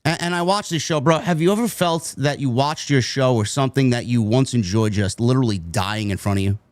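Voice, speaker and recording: A man's voice: mid-range voice, fairly quick, no echo. A man with a New York accent hosting a casual wrestling review podcast. He rants, swears freely and ends his lines with "man" and "bro". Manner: animated, swears a lot, says "man" and "bro". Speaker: show host.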